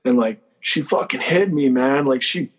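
A man's voice: medium pitch, moderate pace, breathy edge, voice pushed up, close to an everyday voice. A man voicing a jilted young fiance in a retold story, using a slightly raised, laid-back voice full of "man" and "dude". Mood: aggrieved.

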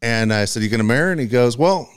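A man co-hosting a casual radio podcast, telling stories in a profane, animated way. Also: medium pitch, fast talker, clear, resonant tone. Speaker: co-host.

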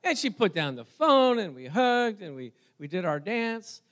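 A man with a high-pitched voice delivers a sermon. He tells a personal story with animated energy and talks straight to his congregation. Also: measured pace. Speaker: preacher.

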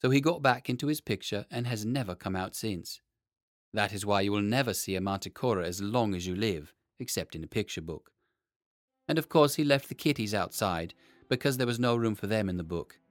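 A man narrating a children's storybook in a measured, expressive reading. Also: on the low side, no room sound, clean studio sound.

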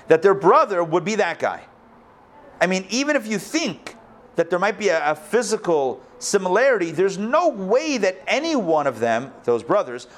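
A man teaching a live Torah class as a rabbi, telling the story with lively, acted-out lines. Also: high-pitched. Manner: animated storytelling, acts out quoted lines. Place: school hall, recorded live.

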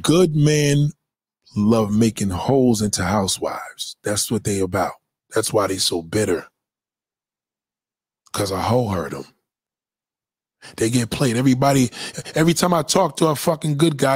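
A man's voice: mid-range voice, animated, unhurried, long pauses, a faint crowd. A man in a blunt, crude rant full of swearing, speaking in a preachy tone. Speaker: commentator. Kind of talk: profane rant.

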